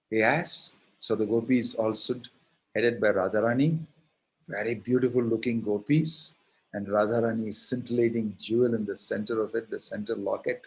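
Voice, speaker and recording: Brief: Indian-accented monk narrating a devotional tale with lively character voices. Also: male voice, fairly low pitch, normal speed, vocal fry. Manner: animated storytelling, acts out characters. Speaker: monk and preacher. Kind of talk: devotional storytelling sermon.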